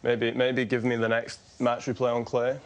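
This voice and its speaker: A man impersonating a dull, low-energy male tennis player who mumbles quietly in a monotone. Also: moderate pace, natural voice. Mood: flat.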